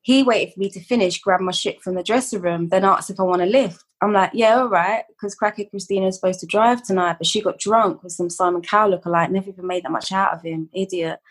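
A woman's voice: mid-range voice, fast, few pauses, husky. A woman, a poet guest reading her work in a blunt, slangy voice and then chatting casually. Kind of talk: poetry reading and casual chat.

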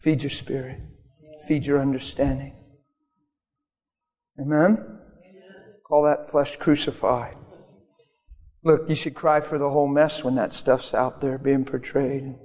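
A man preaching a sermon in a church, earnest and conversational, now and then jumping into high mock voices. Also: level tone, slow pace, long pauses, darkish tone. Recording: long reverb of a church hall.

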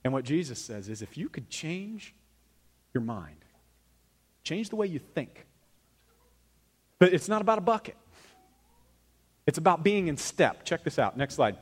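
A pastor preaching a sermon in a church, talking to the congregation in a conversational way that swings from loud emphasis to quiet asides. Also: male voice, fairly high pitch, big pitch swings, a little slow, pauses often, husky. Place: church sanctuary.

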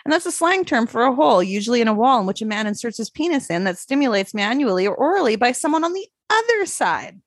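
A woman co-hosting a podcast, chatting casually with a fairly high voice. She laughs often and swears freely. Her sound is close and dry, with no room echo. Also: very animated, fast talker, few pauses. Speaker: podcast co-host. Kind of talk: casual chat. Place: remote call.

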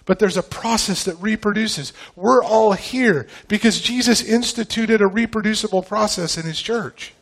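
A man's voice: high voice, moderate pace, hardly any pauses. A man in his forties preaching a sermon with emphasis, asking the congregation rhetorical questions. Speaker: pastor.

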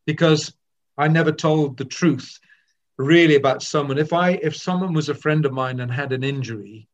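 A man's voice: a little high, normal speed. An older man, a veteran sports broadcaster, telling self-deprecating stories in an interview. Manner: anecdotal and self-deprecating, with frequent restarts. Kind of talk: reflective interview storytelling. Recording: slightly dull lo-fi sound.

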